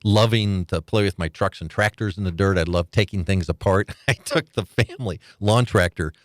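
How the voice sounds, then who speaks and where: Deep-voiced older man telling stories. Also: moderate pace, no echo, clean studio sound. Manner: animated storyteller, laughs often, acts out quoted voices. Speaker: guest. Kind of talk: storytelling interview.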